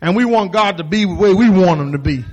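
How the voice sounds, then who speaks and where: A male pastor preaching in a high, husky voice that leaps all over the place. He speaks in a folksy way, calling out to the congregation and acting out the voices of the people he quotes. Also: quick pace. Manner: animated preaching with folksy asides and call-and-response. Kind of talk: sermon.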